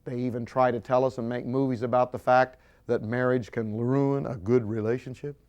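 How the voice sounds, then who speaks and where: A man preaching a sermon with animated storytelling, acting out scenes as he goes. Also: medium pitch, normal speed.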